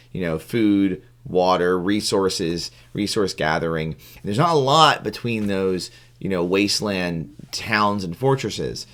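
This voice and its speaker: A man's voice: sits low, a bit bright. A man co-hosting a tabletop gaming podcast, chatting casually and rambling with lots of fillers and restarts. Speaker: podcast co-host and game judge.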